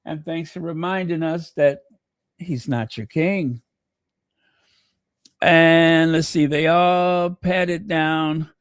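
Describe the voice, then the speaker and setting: A man's voice: a little high, fairly even intonation, slow, pauses often, smooth, no echo, studio quality. A man hosting a casual livestream, trading snarky gossip, thanking viewers and breaking into bits of song. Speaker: livestream host.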